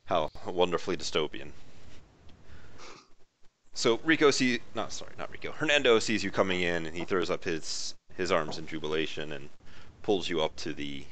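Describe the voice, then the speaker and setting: A man narrating a tabletop game as game master, rambling and relaxed with many fillers. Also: sits low, normal speed.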